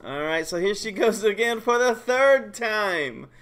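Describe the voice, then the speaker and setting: High-voiced, excitable male stream host. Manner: excitable, joking, quick bursts of hype. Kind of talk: casual game commentary.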